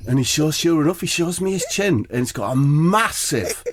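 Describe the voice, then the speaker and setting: Animated, rambling comic storyteller man. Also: on the high side, normal speed, slight background noise. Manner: rambling and animated, with sweary asides. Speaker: comedy podcast co-host.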